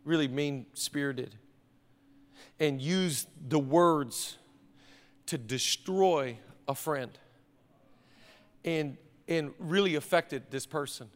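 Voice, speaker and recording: A man's voice: a little high, slow, pauses often. A male pastor preaching a sermon in a conversational, emphatic way, with repeated phrases, recorded in a large church auditorium. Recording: long reverb of a big hall.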